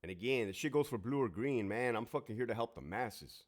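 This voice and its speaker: In a medium-pitched, animated voice and at a fairly quick pace, a Southern California man in his forties tells his story casually. He's a former prison guard and veteran, and his delivery is blunt, emphatic and heavily profane.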